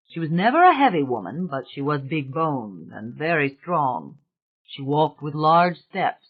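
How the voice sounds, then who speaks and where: A man narrates an audiobook in a measured, formal way. His voice sits a little high, and the recording sounds narrow and tinny, as if heard over a phone line. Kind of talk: scripted narration.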